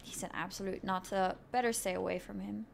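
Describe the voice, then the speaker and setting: A woman's voice: mid-range voice, steady tone, fairly quick, creaky, slight background noise, voice pushed down. A woman voicing the mutants of a game, gossiping warily about a strange newcomer. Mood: wary gossip.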